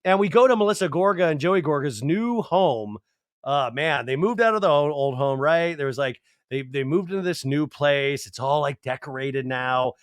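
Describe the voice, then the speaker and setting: A man talking through a reality show recap in a loose, joking, rambling way, his voice sitting a little high for a man. The sound is dry and close, with no room around it. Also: normal speed, smooth, no echo. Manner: animated, digressive, jokey. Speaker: podcast host. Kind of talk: casual comedic TV recap.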